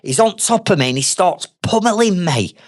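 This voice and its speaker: Northern English man, lively storyteller, dry close sound; trades podcast host. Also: high-pitched, normal speed, dry recording. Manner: animated, conversational, blunt. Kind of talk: storytelling monologue.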